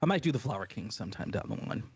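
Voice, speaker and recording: A man's voice: fairly low pitch, very fast, husky, highs cut off. A man co-hosting a music podcast in casual, jokey chat. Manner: animated, jokey, sports metaphors. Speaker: podcast co-host.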